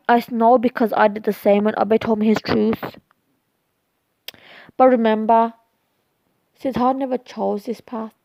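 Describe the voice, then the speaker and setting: A woman voicing a calm, wise aunt who gives soothing advice in a homemade story reading, recorded dull and dry. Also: a little high, no room sound, natural voice. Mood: reassuring.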